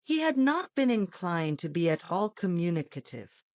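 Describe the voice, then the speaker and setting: Woman reading an audiobook, lowish voice, swings around a lot, dry close mic. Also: big pitch swings, moderate pace, a little mellow, no echo. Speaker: audiobook narrator. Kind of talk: scripted narration.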